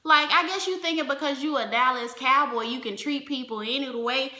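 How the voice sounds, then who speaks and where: A woman telling a personal story in casual vlog fashion, animated, acting out the other people's lines as she goes. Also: high voice, brisk. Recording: roomy echo.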